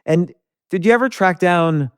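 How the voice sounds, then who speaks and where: A man's voice: sits high, normal speed, clean tone, no echo, clean studio sound. A man hosting a podcast interview, thinking aloud in long, rambling sentences with many restarts. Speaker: podcast host. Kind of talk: casual interview.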